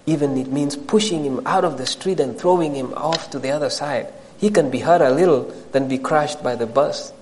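A man preaching a sermon with animated, rising emphasis, his voice sitting a little high for a man. He presses his points with direct questions to the congregation. The sound carries a long hall reverb. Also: normal speed, hardly any pauses, slight background noise.

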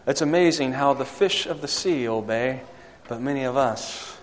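A male pastor in the middle of a sermon, swinging from hushed conversational asides up to emphatic peaks as he tells a story to his congregation. A long reverb from the church hall trails behind his mid-pitched voice. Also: moderate pace, hardly any pauses, a little hiss or hum.

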